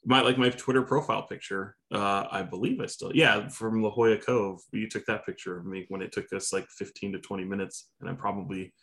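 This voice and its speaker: A man's voice: on the low side, fairly even intonation, a little fast, hardly any pauses, fairly bright tone. A man co-hosting a sports podcast, telling long chatty stories and laughing easily. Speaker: podcast co-host, TV reporter. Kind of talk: casual sports podcast chat.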